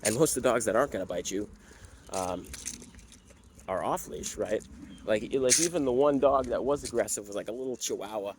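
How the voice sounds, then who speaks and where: A man's voice: lowish voice, brisk, noisy background. Chatty man explaining dog behavior. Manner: conversational, many fillers and tag questions. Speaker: dog trainer. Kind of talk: casual talking-head explainer.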